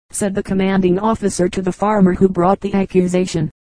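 Female reader for comic anecdotes; steady delivery, mellow timbre, dry recording. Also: mid-range voice, brisk, hardly any pauses, no echo, low-quality recording. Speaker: audiobook reader. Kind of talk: reading humorous anecdotes aloud.

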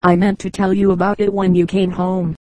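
Woman reading as a calm gentleman father. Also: mid-range voice, brisk, dry recording, lightly acted, rough recording.

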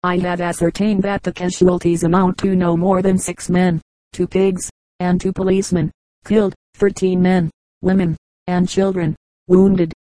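A woman reading a comic periodical aloud as an audiobook, in a measured, even manner. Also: on the low side, dry recording, rough recording. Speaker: audiobook reader.

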